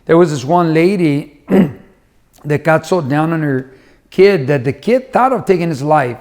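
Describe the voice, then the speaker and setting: A middle-aged motivational speaker gives a conversational talk built on family stories, acting out the voices of the people in them. His voice is fairly high and a little mellow, with lively intonation and a measured pace.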